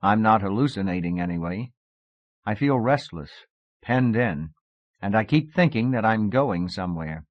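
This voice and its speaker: A man's voice: fairly low pitch, lively intonation, moderate pace, no echo, close to an everyday voice. A man voicing Richard, a restless joking young man. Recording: dull lo-fi cassette audiobook.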